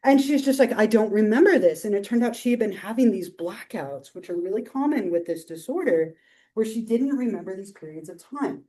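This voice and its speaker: A woman teaching a psychology class, telling a story in a casual, animated way full of fillers. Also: medium pitch, brisk. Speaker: psychology instructor. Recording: roomy classroom mic from far off.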